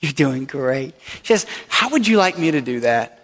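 A man with a high-pitched voice preaching a sermon from the front of a church, his words ringing through a long, reverberant hall. He keeps it playful and conversational, dropping in warm-hearted asides as he teaches. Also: very animated, normal speed. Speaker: pastor. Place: church sanctuary.

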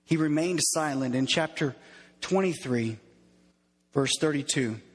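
A man's voice: fairly high pitch, measured pace, slightly rough, in a large hall. A man preaching a sermon as a pastor, earnest, repeating phrases for emphasis, in a church.

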